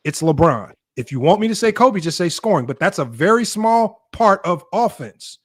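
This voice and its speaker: A man's voice: high-pitched, sing-song, moderate pace. A man hosting a heated sports debate, repeatedly cutting in to hold the floor and tally points. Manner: keeps cutting in with "hold on", tallies points methodically. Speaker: debate host.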